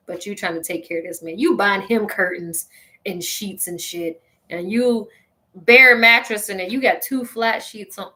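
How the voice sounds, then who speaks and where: With a lowish voice and an unhurried pace, a woman hosting a podcast rants comedically right at her audience. She's sassy, petty and animated in a casual way, laughing frequently.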